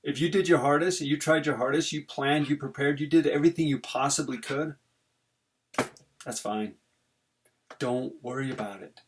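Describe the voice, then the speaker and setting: A man's voice: medium pitch, moderate pace, long pauses. A middle-aged man, a family therapist, giving an earnest, conversational talk on parenting and leaning on repetition.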